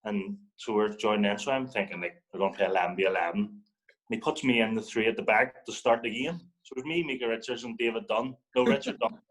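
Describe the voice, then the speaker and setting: A man's voice: fairly low pitch, quick pace, rough recording. A young man, a football guest telling a story in casual chat, swearing and acting out what others said. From Northern Ireland. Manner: animated, swears, acts out other people's lines.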